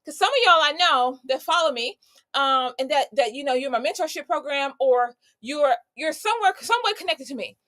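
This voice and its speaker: A woman's voice: sits high, animated, normal speed, a bit bright. A woman in her thirties giving an exuberant, preachy motivational live talk, greeting viewers by name. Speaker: host.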